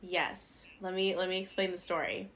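A woman's voice: on the low side, steady tone, moderate pace, fairly bright tone. A young woman from Las Vegas, co-hosting a podcast and telling stories in a chatty way, often laughing. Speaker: podcast co-host. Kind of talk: casual chat.

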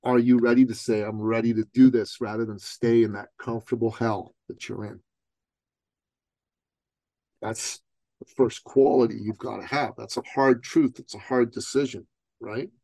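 A middle-aged man from Iran leans into his own story, firing off punchy rhetorical questions. His pitch sits in an ordinary middle range. The sound is dry and close, with no room around it. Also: fairly even intonation, moderate pace, gravelly, pauses often, warm tone, no room sound. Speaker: guest entrepreneur and coach. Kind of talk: personal storytelling in an interview.

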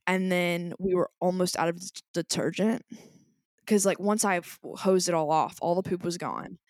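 A woman's voice: fairly low pitch, moderate pace, no room sound, clean studio sound. A woman in her twenties co-hosting a podcast, telling a story in casual chat and acting out what people said. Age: 20s. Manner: animated storyteller acting out quotes. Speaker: podcast co-host.

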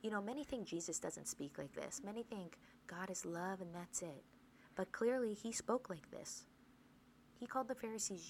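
A woman's voice: mid-range voice, normal speed, a little hiss or hum, rough recording. A woman teaching a podcast Bible study in an earnest way, often asking rhetorical questions and checking in with "right?".

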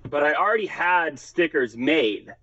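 A man who is a podcast guest, telling rambling, animated stories in casual chat and acting out what others said. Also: a little high, measured pace, a crowd in the background. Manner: rambling, animated storytelling, acts out quoted voices. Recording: dry, dull lo-fi sound.

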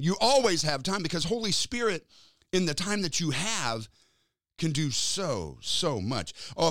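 A male pastor delivering a sermon in a lively, animated voice that climbs and falls as he tells stories. He acts out the people in them and slips in quick asides. The sound is dry and close. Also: mid-range voice, no room sound. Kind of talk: sermon with storytelling. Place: church.

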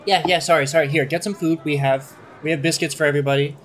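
A man voicing a stout, fussy male halfling ship's cook in a tabletop game, pitching his voice up and talking in a flustered, eager rush. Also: fairly even intonation, fast, a bit bright, lightly acted.

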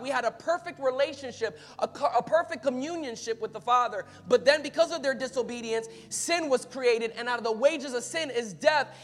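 A man preaching a sermon as pastor, talking casually at times and building to loud, emphatic calls to the congregation. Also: extremely high pitch, big-room sound. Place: church sanctuary.

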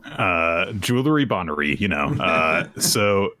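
A man co-hosting a casual chat podcast, easygoing and laughing, with halting fillers. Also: low-pitched, very animated, bright, forceful tone. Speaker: podcast co-host.

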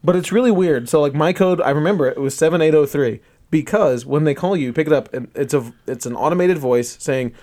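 A man hosting a casual podcast chat in a relaxed, hesitant way, with many ums. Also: fairly high pitch, fast talker, hardly any pauses. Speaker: podcast host.

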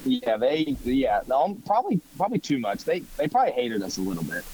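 A man's voice: mid-range voice, huge pitch swings, fairly quick, darkish tone, a little hiss or hum, poor audio. A man chatting with an old friend on the phone, joking around and swearing in playful trash talk. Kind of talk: casual phone chat.

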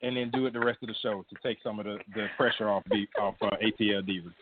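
A man's voice: on the low side, fairly even intonation, fast talker. A man co-hosting a casual radio show, chuckling and egging the others on. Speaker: radio co-host. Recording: noisy phone-like line.

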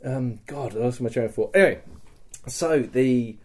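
A man's voice: medium pitch, normal speed. A man on a podcast, animatedly telling a story about a live-action role-play event, swearing often. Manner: animated and sweary, with frequent laughs and restarts. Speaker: podcast guest.

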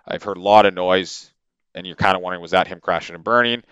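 A man from Canada, a podcast guest, telling a story in a casual, animated way with lots of fillers and repeated words, into a podcast microphone. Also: low voice, fast, smooth, no room sound, muffled recording.

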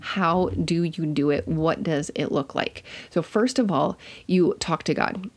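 Woman podcast host, lowish gravelly voice, chatty teaching monologue with self-corrections. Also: a little slow.

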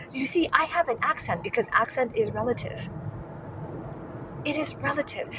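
A woman from Hong Kong, a communication coach, speaking straight to the camera and repeating her key points with rhetorical questions. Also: a little high. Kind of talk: direct-to-camera coaching video. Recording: dull muffled sound with clear background noise.

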